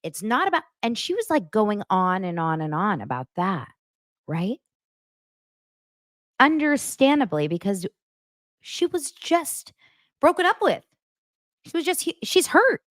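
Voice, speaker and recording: A gossipy young woman chats through a reality TV recap, her pitch jumping up and down as she gets worked up. She mimics people in mocking voices. The sound is close and dry, with no room around her. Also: measured pace, long pauses, no echo. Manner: gossipy and animated, acting out quotes in mocking voices. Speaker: podcast host. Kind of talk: casual pop-culture recap chat.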